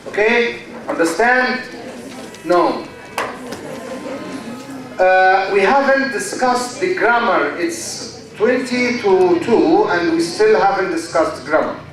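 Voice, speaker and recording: A man with an Egyptian accent giving a university lecture, slow and deliberate, often quizzing his students with questions. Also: sits high, expressive, fairly bright tone. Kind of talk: classroom lecture. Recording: very echoey classroom, mic far from speaker.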